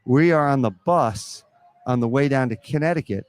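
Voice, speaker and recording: Animated storytelling basketball coach, man. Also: medium pitch, moderate pace. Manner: animated storyteller acting out quotes. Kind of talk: storytelling in a live podcast interview. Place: pizza restaurant.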